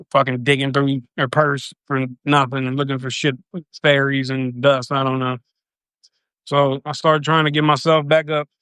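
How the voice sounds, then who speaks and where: A man's voice: medium pitch, a bit bright, clear, resonant tone, no echo. A man on a livestream telling a personal story in a loose, rambling, profane way.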